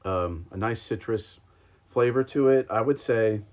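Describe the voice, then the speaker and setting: A man's voice: lowish voice, unhurried. A man hosting a livestream, chatting casually and rambling with lots of ums and likes while taste-testing sodas. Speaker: podcast host. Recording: slightly dull lo-fi stream audio.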